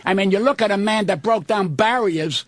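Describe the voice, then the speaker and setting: Gravelly older man ranting profanely. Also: sits high, moderate pace, dry recording, clean studio sound. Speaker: comedian guest. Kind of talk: radio talk show banter.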